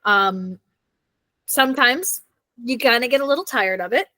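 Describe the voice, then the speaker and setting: Young woman co-host, slightly high voice, dry recording, rambling chatty talk with easy laughs. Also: unhurried, sharp tone, no echo. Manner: chatty, laughs easily, trails off with fillers. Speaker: podcast co-host. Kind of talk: casual chat.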